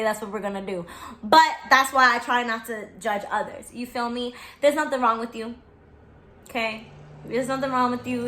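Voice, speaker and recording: A woman's voice: sits high, pushed and bright, roomy sound. A woman in her twenties talking candidly to camera, blunt and profane, repeating her reassurances for emphasis. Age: 20s. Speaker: vlogger.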